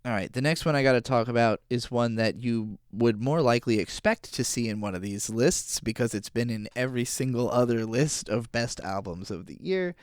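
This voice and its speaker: A man's voice: medium pitch, expressive, moderate pace, hardly any pauses, clear, resonant tone, no echo, clean studio sound. A young man from Virginia talking through his favorite albums in a rambling, emotional way, full of fillers. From Virginia, USA. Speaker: music reviewer. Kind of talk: casual album review monologue.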